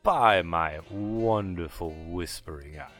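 A man's voice: deep voice, unhurried, fairly bright tone. A man voicing a tall, composed male human merchant boss who speaks politely, with faint music behind. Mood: courteous. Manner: smooth and polite, hosting a deal.

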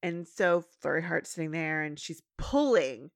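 A woman in her thirties, recapping a cartoon episode in casual chat and acting out the characters' lines. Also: a little slow. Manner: animated, acts out characters' lines in a high voice. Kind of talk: casual chat, retelling with voiced quotes.

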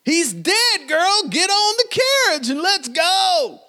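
A man doing Margaret, a brash falsetto outlaw woman. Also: sing-song, slow, heavily acted. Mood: urgent. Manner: shouting orders in a high falsetto. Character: brash commanding woman outlaw driving a carriage.

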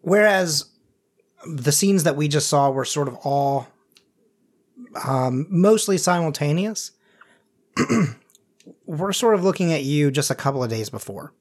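A man's voice: fairly high pitch, animated, unhurried, pauses often. A man running a tabletop role-playing game as game master, narrating casually with lots of "sort of" and "um". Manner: casual, hesitant with fillers like "sort of" and "um".

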